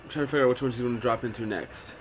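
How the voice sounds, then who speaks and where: A man's voice: mid-range voice, very fast. A man watching a friend play a horror game, giving directions and dry teasing remarks. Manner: backseat instructions, dry teasing. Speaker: co-host gamer. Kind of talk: casual gameplay commentary.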